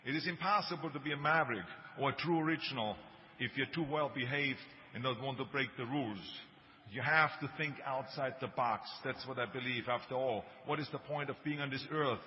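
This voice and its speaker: A man in his sixties with a German accent, giving a motivational speech with emphatic storytelling and joking asides. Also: mid-range voice. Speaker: speaker. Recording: dull, reverberant hall recording with faint noise.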